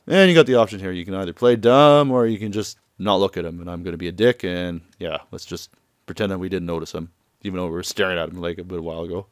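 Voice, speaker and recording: A man's voice: sits low, quick pace, dry recording. A young man casually recapping a video game, chatty and laughing, loosely acting out the characters' lines.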